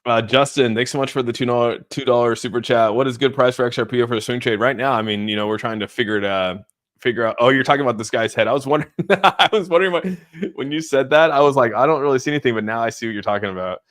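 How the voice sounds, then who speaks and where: Talking fast in a medium-pitched, somewhat bright voice, a young man hosts a crypto stream live. He reacts to chat with giddy laughter and amusement, saying "dude" over and over.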